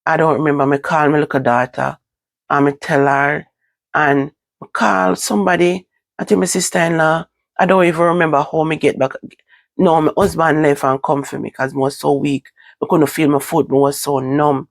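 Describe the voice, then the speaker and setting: A woman with a Jamaican accent recounting a personal story to her viewers, in a halting, repetitive way. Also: low-pitched, steady tone, gravelly, no room sound. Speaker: vlogger.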